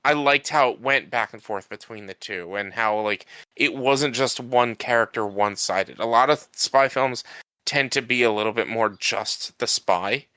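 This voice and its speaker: Bright and forceful, a medium-pitched male voice rambles at a moderate pace through casual podcast chat about a film, stumbling into many restarts and fillers. He's a co-host, and the recording carries no room sound.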